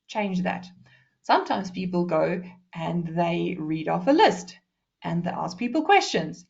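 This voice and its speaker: A woman from South Africa giving a presentation skills workshop, fast and lively, deliberately shifting her pace and loudness. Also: on the low side, vocal fry, muffled recording.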